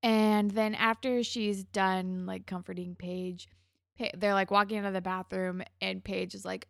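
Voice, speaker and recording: A woman's voice: mid-range voice, little pitch movement, measured pace, vocal fry, no room sound, clean studio sound. A woman co-hosting a podcast, retelling a TV episode in casual chat and acting out the characters' lines. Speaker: podcast co-host.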